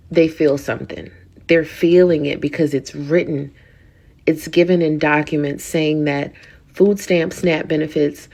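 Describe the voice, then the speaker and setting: A woman's voice: deep voice, darkish tone. A woman delivering a sarcastic mock live report, mocking and scornful. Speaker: social media commentator. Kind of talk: mock news report rant.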